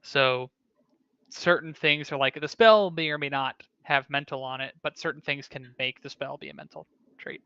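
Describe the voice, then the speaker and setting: A man with a higher, bright voice explains tabletop rules casually. He runs sentences together and corrects himself mid-flow. The sound is dry and a little muffled. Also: normal speed, vocal fry, smooth, dry recording. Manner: explains in long run-on sentences with self-corrections. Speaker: player.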